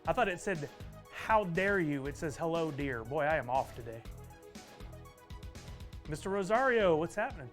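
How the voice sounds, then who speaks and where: A man hosts a live stream with easy, upbeat chatter, calling out viewers by name. His voice sits high for a man. Faint music plays underneath. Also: expressive, a little fast, long pauses, fairly bright tone. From Texas. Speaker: livestream host.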